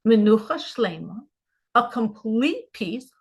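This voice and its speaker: Bright-voiced woman teaching a Chassidic class. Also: fairly high pitch, unhurried. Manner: earnest, explanatory, repeats key terms. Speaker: Torah teacher.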